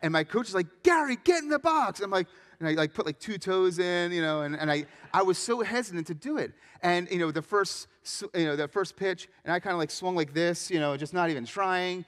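A young adult man, a pastor, preaching a sermon with animated storytelling and acted-out voices. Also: high voice, fairly quick, hardly any pauses, in a large hall. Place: church sanctuary.

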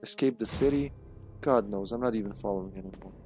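A man's voice: on the low side, quick pace, slight background noise. A man streaming a horror video game, chatting casually, joking and swearing as he plays. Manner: jokey, profane, playful voices. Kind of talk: casual gameplay commentary.

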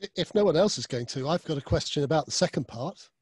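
A man's voice: fairly high pitch, expressive, fast, darkish tone, husky, no echo. A man asking a seminar question hesitantly, with many fillers and restarts. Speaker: audience questioner.

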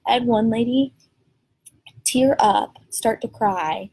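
A woman from New Orleans who teaches Spanish, chatting casually on a live stream and telling stories with animated emphasis. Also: on the high side, takes it slowly, slightly rough.

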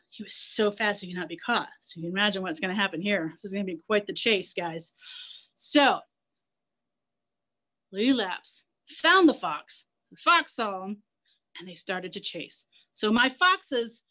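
A zoo educator with a slightly high voice teaches an online class for children. Full of playful energy, she narrates a myth and gets the kids to run and chant along.

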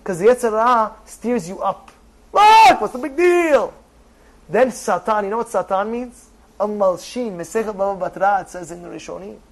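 A man, a rabbi, giving an animated sermon, repeating phrases for emphasis. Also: sits high, brisk, vocal fry, rough recording.

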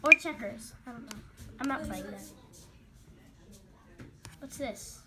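A woman vlogger giving casual commentary as she browses websites, excitable and quick to gasp and exclaim at what she sees. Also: fairly high pitch, very noisy. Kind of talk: casual screen-recording commentary. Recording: music clearly audible behind voice.

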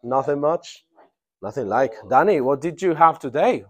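A man's voice: a little high, animated. Man teaching an English grammar class. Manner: drawn-out emphatic prompting of students.

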